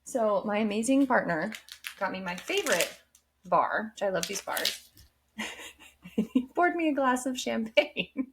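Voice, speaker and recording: A young woman hosts a podcast from her bedroom at home. She tells stories with lively energy, acts out what people said, laughs often and swears without a second thought. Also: a little high, unhurried. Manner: animated storytelling, acts out quotes. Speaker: podcast co-host. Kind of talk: casual chat.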